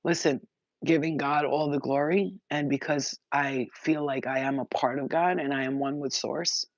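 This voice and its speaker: A woman's voice: rumbling low, normal speed, no room sound, highs cut off. Emotional, rambling woman spiritual reader. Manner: excited, rambling, swearing, emotional. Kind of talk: emotional channeled message to viewers.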